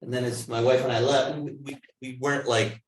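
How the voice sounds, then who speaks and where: A man's voice: mid-range voice, steady tone, brisk. A man on a village board, talking through an issue at a public meeting and telling anecdotes in a conversational way. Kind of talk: meeting discussion. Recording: roomy meeting hall with faint background noise.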